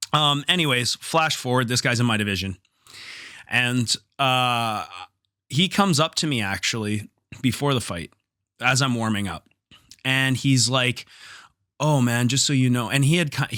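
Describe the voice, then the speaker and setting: Podcast host, male, bright and forceful, animated anecdote style. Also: mid-range voice, no echo, studio quality. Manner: animated, profane, acts out quoted dialogue. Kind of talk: casual storytelling.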